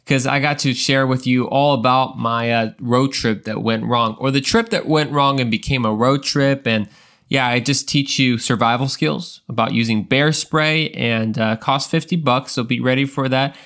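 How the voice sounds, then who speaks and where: A man's voice: mid-range voice, steady tone, moderate pace, a bit bright. A young adult man hosting a Christian podcast, telling stories in a casual, earnest, rambling way with many restarts. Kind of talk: casual podcast talk with storytelling.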